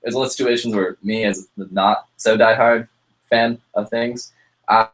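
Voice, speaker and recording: A young man co-hosting a casual chat show, easygoing and quick to laugh along. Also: on the low side, steady tone, a bit bright, rough recording. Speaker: podcast co-host.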